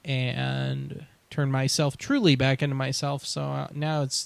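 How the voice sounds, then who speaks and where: A man's voice: medium pitch, flat delivery, unhurried, creaky, few pauses. A man hosting a casual gear demo, explaining things in a rambling, self-deprecating way into a dynamic mic on a stand. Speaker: host.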